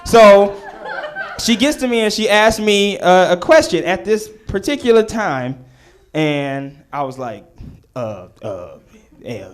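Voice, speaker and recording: A young man doing live stand-up, telling a story, acting out voices and rising to near shouts. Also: sits high, lively intonation, a little slow, clear, resonant tone. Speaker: stand-up comedian.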